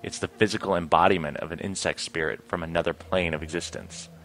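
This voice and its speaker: A man's voice: low-pitched, steady tone, fast talker, fairly bright tone, slight background noise. A man reading a teasing painted elf. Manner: reads plainly, says he can't do voices.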